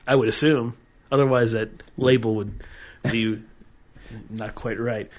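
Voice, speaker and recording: A man's voice: mid-range voice, fairly even intonation, measured pace. A man co-hosting a podcast, chatting playfully about beer and chuckling often. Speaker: podcast co-host. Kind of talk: casual beer-tasting chat.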